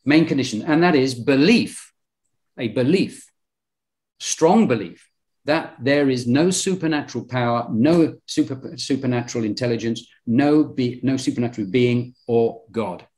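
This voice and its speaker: A British-accented man presents during a lecture-style Bible study discussion, insistent and argumentative, often restarting his sentences. His mid-range voice is a little mellow and moves at a moderate pace.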